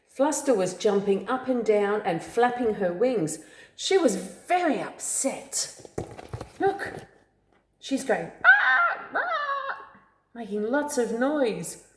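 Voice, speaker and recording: A woman reading a picture book aloud to a child, slow storytelling with friendly asides. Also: mid-range voice, warm tone. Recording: echoey room.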